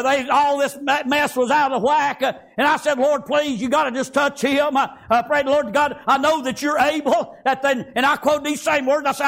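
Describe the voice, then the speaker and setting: A man's voice: very high voice, creaky, fairly bright tone. A man preaching a fervent sermon, breaking often into "praise God" and asking the congregation "Amen?". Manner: fervent, repeats praise phrases and call-and-response "Amen?".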